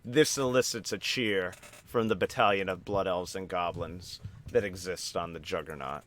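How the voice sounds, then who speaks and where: A man narrating a tabletop game as game master, in a dramatic, deliberate way. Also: deep voice, steady tone, a bit bright.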